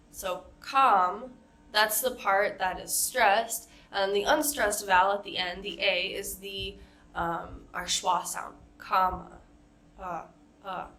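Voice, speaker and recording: Her mid-range voice a bit bright, this U.S. accent coach leads a pronunciation lesson. She takes vowel sounds and example words one at a time, modeling each patiently.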